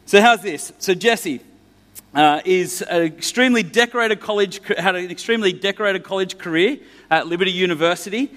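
An Australian man with a high-pitched, fairly bright voice hosts an on-stage interview in a church hall, where long reverb fills the recording. He is chatty and jokey and laughs often.

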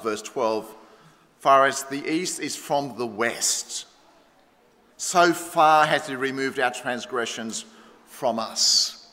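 A middle-aged Australian man preaching a sermon in a church, emphatic, swinging between loud stresses and hushed lines. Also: medium pitch. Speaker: pastor. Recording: reverberant church hall.

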